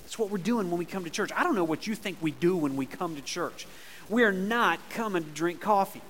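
A man's voice: high-pitched, animated, a little fast, fairly bright tone, a little hiss or hum. A man preaching a sermon as pastor in a church, emphatic and conversational, drawing the congregation into call-and-response. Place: church sanctuary. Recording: long reverb of a large hall.

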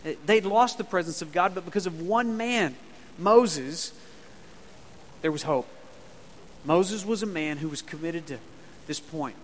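A man's voice: on the high side, unhurried, long pauses, slight background noise. A man preaching a sermon as pastor in a church, emphatic and conversational, drawing the congregation into call-and-response. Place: church sanctuary. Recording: long reverb of a large hall.

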